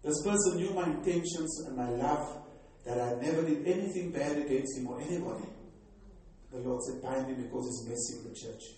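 A man's voice: medium pitch, brisk, warm tone. An older man with a South African accent, preaching a fervent, exhorting sermon as pastor of his church. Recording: very echoey hall from far off.

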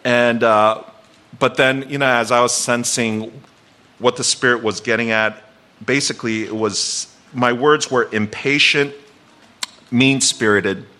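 A man's voice: mid-range voice, steady tone, a little slow, pushed and bright. A man in his forties, a guest pastor, preaching in a church in a conversational, reflective way with light self-deprecating humor. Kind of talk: sermon with personal story. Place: church sanctuary.

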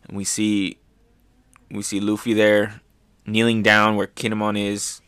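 A man hosting a show, casually recapping manga chapters with excitement, often dropping to a soft voice. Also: fairly low pitch, a little slow, smooth, dry recording. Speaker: podcast host.

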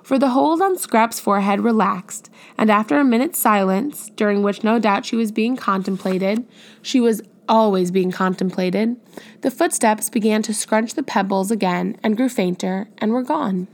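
A woman reading a classic novel aloud as audiobook narrator, measured and even. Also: medium pitch. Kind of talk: scripted narration.

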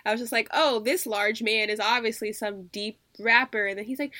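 A woman's voice: fairly high pitch, moderate pace. A woman in casual chat, joking and breaking into laughing shrieks. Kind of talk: casual chat reacting to music. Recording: loud background noise.

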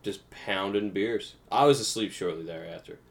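A man's voice: lowish voice, moderate pace, creaky. A man in a casual chat, adding dry asides and laughing along.

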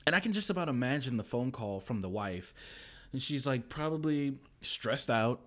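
Lively, animated young man telling stories. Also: medium pitch, moderate pace. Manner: animated, acts out voices, laughs often. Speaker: podcast guest. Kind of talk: casual storytelling chat.

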